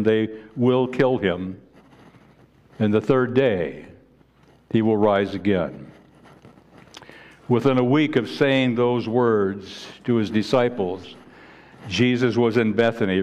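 A man preaching a sermon as pastor in a church, earnest and halting, often restarting and repeating words. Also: fairly low pitch, a little mellow, dull audio. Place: church sanctuary.

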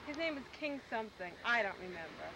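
A woman's voice: fairly high pitch, big pitch swings, quick pace, noisy background. A woman playing a vain grand lady of a castle, airy and showing off, on a 1989 camcorder home video.

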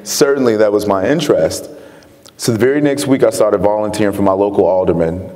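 Man, guest author, earnest storyteller, low voice, onstage interview, reverberant lecture hall. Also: a little mellow. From Chicago. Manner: earnest storytelling, laughs often. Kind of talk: onstage interview before an audience.

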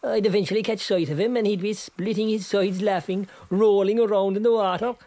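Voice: medium pitch, fairly even intonation, fairly quick, mellow, close to an everyday voice. Someone doing a boastful fisherman. He spins rambling tall tales in an easy, chatty way. It is played for comedy. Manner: rambling yarn-spinning, bursts into song. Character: boastful Kerry fisherman, tall-tale teller.

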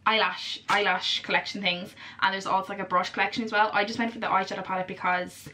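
Gushing, excitable young Irish woman. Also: medium pitch, fast, noisy background. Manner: gushing, excitable, chatty with many fillers. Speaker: vlogger. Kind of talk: casual vlog chat.

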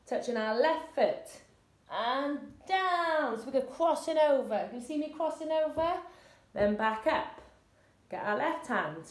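High, upbeat woman leading exercise. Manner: encouraging, with cheery whoops. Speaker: fitness instructor. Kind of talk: leading a seated exercise warm-up. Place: indoor room, seated on a chair. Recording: echoey room.

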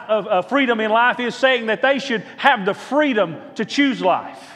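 Brief male pastor, higher-pitched voice, rhythmic call-and-response preaching, long church reverb. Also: fairly bright tone. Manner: rhythmic repetition, calls out to the congregation for response. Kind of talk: sermon. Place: church sanctuary.

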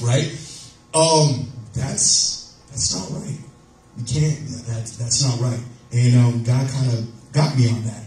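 A man's voice: mid-range voice, measured pace, a little mellow. Man preaching a casual sermon in an echoey church. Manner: conversational, laughs often, acts out quoted voices. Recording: echoey and distant, faint music.

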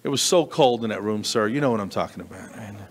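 A middle-aged man performing stand-up comedy, telling a story with animated delivery and sudden high squeaks of disbelief. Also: quick pace. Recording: long reverberant hall.

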